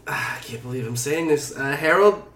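A man playing an exasperated, deadpan camper in improv comedy. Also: medium pitch, slow, distant mic. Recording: echoey room, off-mic.

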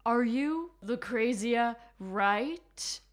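A woman reads the part of a 43-year-old who runs a fashion school, delivering it in a stilted way and often breaking into giggles. She sounds amused and grand, with a rather high, expressive voice spoken very slowly.

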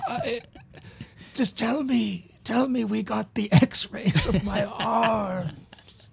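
A man's voice: high voice, very slow, vocal fry, breathy edge, pitched above the performer's own voice, heavily acted. A man voicing a doomed, naive male glassblower who pleads with his employer. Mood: pleading.

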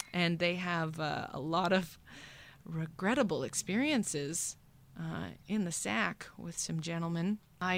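A woman in her twenties hosting a podcast, telling a funny personal story in an animated, self-deprecating way and laughing often. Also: lowish voice, smooth. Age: 20s. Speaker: podcast host.

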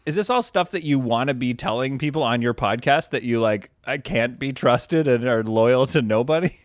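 A man's voice: medium pitch, normal speed, dry recording, studio quality. A man co-hosting an improvised comedy podcast, hesitant and full of fillers, often laughing. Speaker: podcast co-host.

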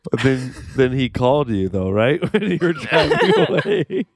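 A man's voice: mid-range voice, huge pitch swings, moderate pace. A man hosting a comedy podcast, giggling and egging the others on in casual banter.

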